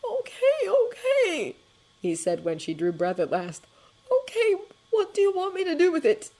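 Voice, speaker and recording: A woman's voice: very high voice, huge pitch swings, unhurried, mellow, pitched above the performer's own voice, exaggerated voice. A woman reading a fan story, voicing a young male winter spirit who speaks in an urgent, coaxing and nervous way. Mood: pained.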